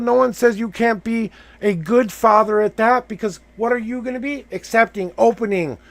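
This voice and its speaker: A man's voice: sits high, gravelly. A man hosting a live tarot reading, coaching the person he reads for with emphatic, repeated affirmations.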